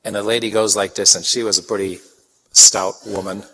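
A man from Chicago delivers a sermon in a fairly low voice, telling homely anecdotes and acting out the people in them. His voice carries a long reverb from a large hall. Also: a little fast, husky. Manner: folksy, animated anecdotes with acted-out quotes. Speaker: preacher. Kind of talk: sermon with storytelling.

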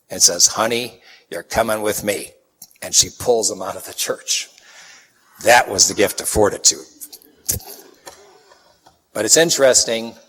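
A man from Chicago delivers a sermon in a fairly low voice, telling homely anecdotes and acting out the people in them. His voice carries a long reverb from a large hall. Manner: folksy, animated anecdotes with acted-out quotes. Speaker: preacher. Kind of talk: sermon with storytelling.

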